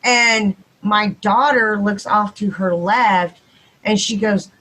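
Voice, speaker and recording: A Texan woman tells a ghost story as a podcast guest, talking fast and playing out each exchange. Her voice is husky, with a middle pitch. The story moves along at an easy, casual clip. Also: rough recording. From Texas. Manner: animated, quick, acts out dialogue.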